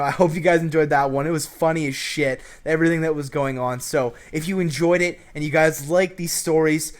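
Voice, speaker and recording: A man hosting his vlog, telling a story casually and acting out quotes with plenty of swearing. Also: a little high. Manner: animated, acting out quotes, profane. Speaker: vlog host.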